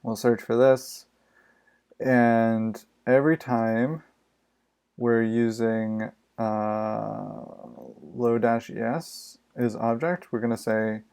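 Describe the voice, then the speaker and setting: Male live-coding streamer, gravelly and unhurried, muttering and grumbling to himself. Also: mid-range voice, flat delivery, a little mellow. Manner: exasperated, muttering to himself, swears freely. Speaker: streaming programmer. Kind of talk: live coding stream, casual thinking aloud.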